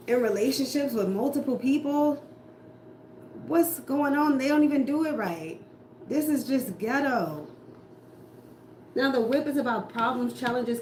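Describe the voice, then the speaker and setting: A woman with a high, darkish voice reads tarot casually, ranting bluntly and with profanity. Rhetorical questions come one after another as she interprets the cards. Echo and faint noise fill the recording.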